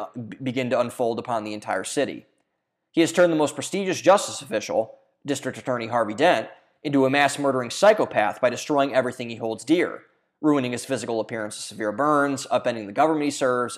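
Man, mid-range voice, essayist narrating from a script; earnest, casual asides, occasional restarts. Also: medium pitch. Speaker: video essayist. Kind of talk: reading a scripted video essay.

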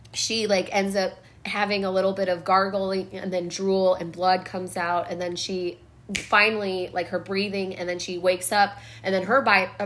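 A woman hosting a podcast, telling a story in casual chat, animated and swearing freely. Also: on the low side, a little hiss or hum. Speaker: podcast host.

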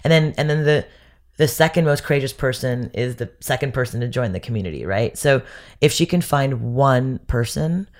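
A woman guest in a casual podcast conversation, telling stories in an animated way with many restarts. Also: a bass voice, moderate pace.

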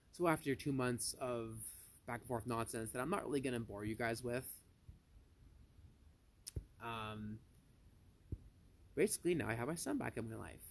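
A man's voice: mid-range voice, moderate pace. A young man at home, telling a heated, profane story to his viewers in a rambling, casual way. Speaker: vlogger.

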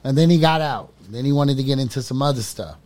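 A middle-aged man spins loose, winding stories in heavy street slang. He speaks in a relaxed, conversational voice of middle pitch, with lots of filler and restarts. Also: quick pace. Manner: rambling street-slang storytelling. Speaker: storyteller on a podcast. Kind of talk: casual chat.

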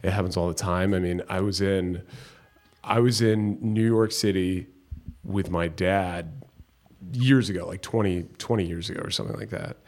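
A young male host with a fairly low voice chats casually with his guest. He backs the guest up often and grows animated when he tells his own stories. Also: moderate pace. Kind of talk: casual chat.

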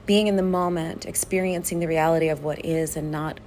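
A woman's voice: sits low, brisk, a little hiss or hum. Effusive woman hosting a podcast. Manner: effusive, animated storytelling. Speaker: podcast host and therapist. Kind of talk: podcast monologue.

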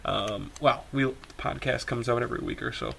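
A man's voice: mid-range voice, fairly quick, gravelly, pushed and bright, breathy edge. A man co-hosting a casual podcast, giggly and loose, swearing freely. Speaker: podcast co-host. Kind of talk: casual chat.

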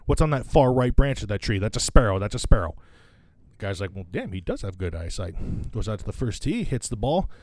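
A man's voice: lowish voice, big pitch swings, brisk, darkish tone, no room sound. A man co-hosting a casual podcast, telling long jokes and breaking into laughter at his own punchlines. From Midwest US. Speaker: podcast co-host.

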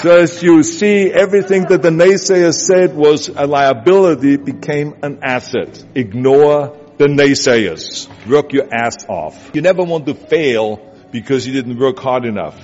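A motivational speaker with a German accent gives an emphatic, repetitive speech urging the listener on. His voice is on the high side and darkish, at a moderate pace with few pauses. The audio is dull with long hall reverb over a music bed.

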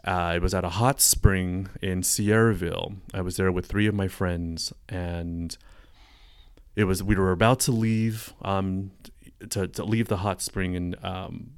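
A man with a deep, low voice tells his story as a podcast guest, earnest and reflective. His words sound close and dry, with no room echo around them. He grew up in California. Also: fairly even intonation, unhurried, clean tone. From Stockton, California. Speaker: podcast guest, coworking space owner. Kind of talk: casual podcast interview.

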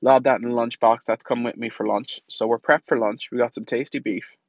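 A man's voice: mid-range voice, fairly even intonation, brisk, no room sound, lo-fi sound. A young man hosting a podcast, telling a casual, self-mocking, sweary story about his day. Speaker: podcast host. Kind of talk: casual diary-style monologue.

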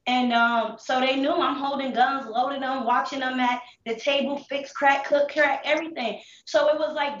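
As an interview guest giving emotional personal testimony, a young woman with a high voice speaks candidly in street slang, stopping and restarting as she holds back tears. Her intonation is fairly even, her pace moderate with hardly any pauses, and she sounds a little far from the mic in a roomy, dull-sounding space.

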